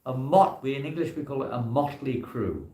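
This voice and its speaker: A man's voice: medium pitch, animated, normal speed, mellow. A man, a monk, giving an informal scripture class in a temple hall, talking in a loose, rambling way full of "you know" fillers.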